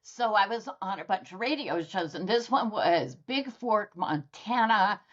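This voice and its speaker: A woman guest on a podcast telling stories in a lively, conversational way and acting out the people in them. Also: medium pitch, unhurried, dull audio. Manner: lively storyteller who acts out dialogue. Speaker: guest author.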